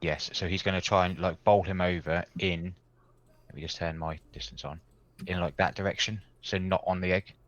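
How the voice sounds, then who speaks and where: A man's voice: low voice, fairly even intonation, moderate pace, no echo. A man playing a tabletop game, casually describing his character's moves in third person. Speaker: player. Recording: dull lo-fi dry mic.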